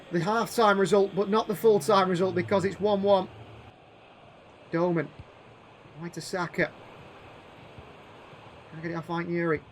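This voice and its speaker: A man giving play-by-play commentary over a football video game, calling names in short bursts and shouting when chances come. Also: high-pitched, slight background noise. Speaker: gaming YouTuber doing live commentary.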